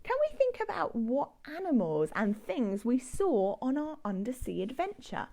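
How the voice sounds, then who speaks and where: British woman, speech therapist, highly animated, slightly high voice, children's session. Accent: British English. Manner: slow, sing-song, exaggerated for young children. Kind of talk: children's story-song session.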